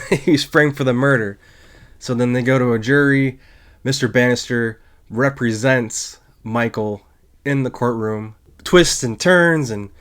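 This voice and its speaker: Male podcast host, casual film review, middle-pitched voice, conversational, small restarts.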